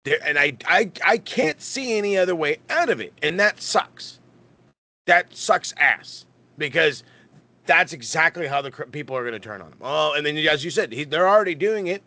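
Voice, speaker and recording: A man's voice: a little high, lively intonation, moderate pace, creaky, sharp tone. A man co-hosting a casual wrestling podcast, rambling and swearing with lots of stammered restarts. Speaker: podcast co-host.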